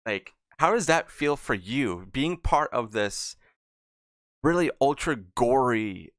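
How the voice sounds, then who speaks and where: A man's voice: medium pitch, lively intonation, takes it slowly, a bit bright, no room sound, studio quality. A man hosting a podcast interview, asking long, casual, rambling questions. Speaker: podcast host.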